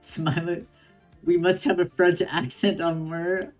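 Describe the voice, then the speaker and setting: A woman's voice: fairly low pitch, little pitch movement, slow, a little mellow, soft background music. A woman streamer reading a game story aloud on stream, reacting with playful giggles.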